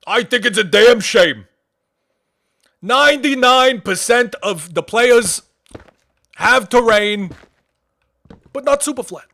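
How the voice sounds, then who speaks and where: A man's voice: extremely high pitch, expressive, takes it slowly, creaky, long pauses, pushed and bright, pitched above the performer's own voice, full character voice. A man doing an impression of an older, indignant male politician with an emphatic, lecturing cadence.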